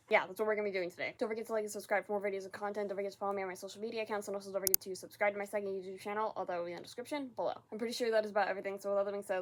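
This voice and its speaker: A woman hosting a casual reaction vlog, excitable and giggly, often repeating herself in quick bursts. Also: mid-range voice. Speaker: reaction video host.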